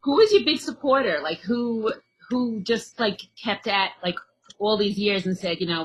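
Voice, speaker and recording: A woman's voice: medium pitch, expressive, moderate pace, slight background noise, poor audio. A woman hosting a casual interview, enthusiastic and supportive, with many fillers. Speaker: interviewer, podcast host.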